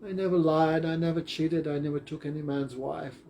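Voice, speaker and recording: A man's voice: on the high side, steady tone, normal speed, dark tone, a little hiss or hum, close to an everyday voice. Brief: wronged male pilgrim, man voicing him, earnest and complaining. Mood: aggrieved.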